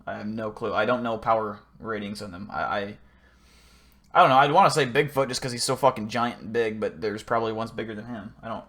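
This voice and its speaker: A man's voice: lowish voice, brisk, a bit bright. A man hosting a live stream, chatting casually with viewers in a rambling, profane, joking way. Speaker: livestream host.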